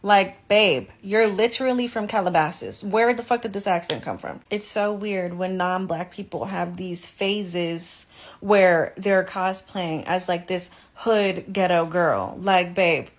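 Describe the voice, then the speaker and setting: A woman's voice: mid-range voice, takes it slowly. A woman giving chatty, sarcastic vlog commentary, calling people babe. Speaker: social media commentator.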